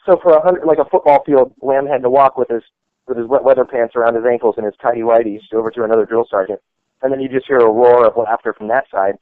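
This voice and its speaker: Man, army veteran, rambling casual storytelling, quick talk, dry phone-like sound. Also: mid-range voice, steady tone, no echo. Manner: rambling, full of "like" and "you know".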